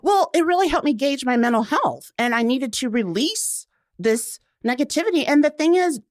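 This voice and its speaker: Her voice sits high and moves at normal speed: a woman in her forties, a writer, guesting on a casual interview. She's an expressive storyteller who acts out quotes and laughs a lot, captured in clean studio sound without echo.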